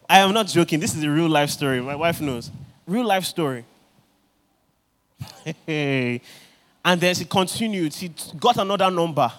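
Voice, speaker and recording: A man preaching in a fairly high voice. He tells his stories with animation and slips into the voices of the people he quotes. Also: normal speed. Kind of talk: sermon.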